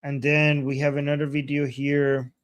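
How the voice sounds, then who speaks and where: A man hosting a casual live stream, reacting with excitement to protest videos and translating the chants for his viewers. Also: a little high, normal speed. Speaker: political commentary host. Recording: loud background noise.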